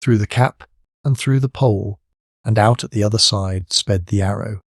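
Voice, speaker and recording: Brief: male audiobook narrator, low voice, steady measured reading, dry close sound. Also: dry recording. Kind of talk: scripted narration of a classic story.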